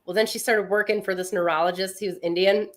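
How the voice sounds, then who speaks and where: A woman's voice: medium pitch, fairly even intonation, quick pace. A woman co-hosting an astrology livestream in casual, chatty talk, explaining things plainly and greeting viewers.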